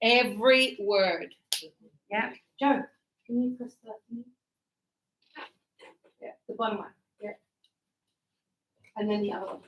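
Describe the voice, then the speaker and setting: A woman's voice: mid-range voice, fairly even intonation, unhurried, long pauses, slight background noise. A woman teaching an English grammar lesson to a class, explaining patiently with examples and encouraging her students. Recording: echoey classroom sound.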